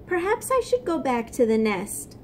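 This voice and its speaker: A woman's voice: high-pitched, big pitch swings, moderate pace, a little mellow, slight background noise, voice pushed up. A woman voicing a curious, daydreaming young male ant who muses to himself in a storybook read-aloud. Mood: musing.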